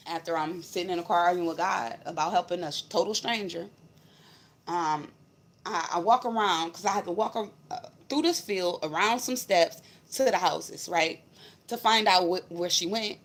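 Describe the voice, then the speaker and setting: A woman vlogger telling a personal spiritual story in a blunt, emphatic, profane way. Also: on the low side. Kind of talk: casual storytelling to camera.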